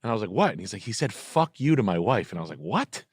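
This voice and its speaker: A man's voice: on the low side, very animated, quick pace, breathy edge, no echo, clean studio sound. A man in casual podcast chat, telling a rambling story full of swearing and acted-out quotes.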